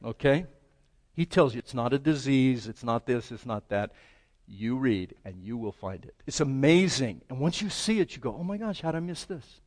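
A pastor preaching a sermon, lively and conversational, often asking the congregation questions and voicing prayers aloud. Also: male voice, mid-range voice, moderate pace. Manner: animated, asks the congregation questions and acts out prayers.

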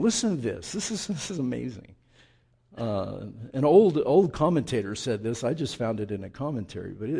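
A man's voice: mid-range voice, gravelly, a little mellow, slightly rough. A male pastor preaching a sermon, speaking straight to his congregation and acting out the voices of the people in his story.

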